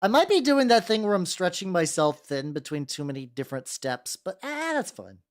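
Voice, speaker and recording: A young man streaming as a VTuber, rambling casually as he paints miniatures. His pitch swings up and down as he talks, and he keeps restarting sentences. He jokes about himself in an easygoing way. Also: big pitch swings, fairly quick. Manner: rambling, self-deprecating, lots of restarts and fillers. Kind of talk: casual chat while painting.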